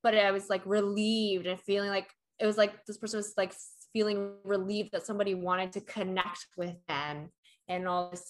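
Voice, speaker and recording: A young woman in casual chat, telling a long story full of fillers and acted-out quotes. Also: mid-range voice.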